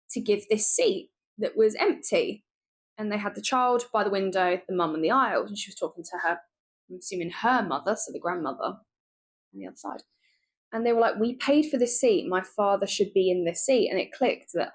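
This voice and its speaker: Woman, young adult vlogger, lively storyteller, mid-range pitch. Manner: lively, animated retelling with laughs and asides. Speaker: travel vlogger. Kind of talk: chatty storytelling vlog.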